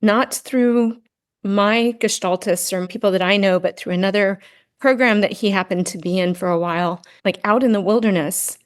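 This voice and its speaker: A woman's voice: mid-range voice, normal speed, clear, resonant tone. Middle-aged woman telling a story earnestly. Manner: earnest storytelling, frequent "right?" tags. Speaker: podcast guest, grief and Gestalt practitioner. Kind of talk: casual interview conversation.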